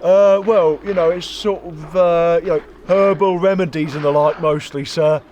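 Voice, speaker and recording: A deferential young British private, played by a man, hesitant and forever adding "sir". His voice sits high. Faint outdoor noise runs underneath. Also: steady tone, normal speed, a little mellow, highs cut off, close to an everyday voice. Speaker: comedy sketch actor. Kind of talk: comedy sketch acting.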